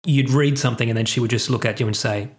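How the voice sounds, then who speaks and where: A man co-hosting a podcast, talking in a loose, joking way and laughing easily. His voice sits at an ordinary middle pitch, and he chats casually as if with friends. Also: fairly even intonation, fast. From Australia. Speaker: podcast co-host. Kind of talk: casual chat.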